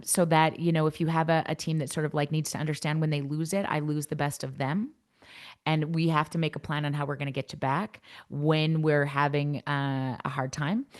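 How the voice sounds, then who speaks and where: A woman coach giving a workshop talk to coaches and parents in a frank, blunt, energetic way. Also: deep voice. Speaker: youth coach and workshop presenter.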